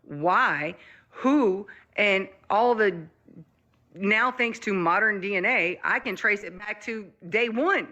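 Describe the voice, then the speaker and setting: A woman hosting a casual group talk with a bright, forceful voice. She speaks earnestly and reflectively, pressing her points with emphasis. Some background noise sits under her mic. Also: medium pitch, takes it slowly, highs cut off. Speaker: podcast host.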